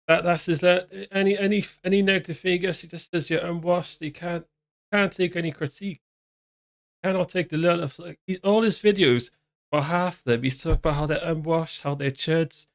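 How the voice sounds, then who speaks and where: A man with a creaky, somewhat high voice hosts a commentary channel, doing a reaction commentary. He talks casually in a sarcastic, mocking tone and restarts his sentences a lot.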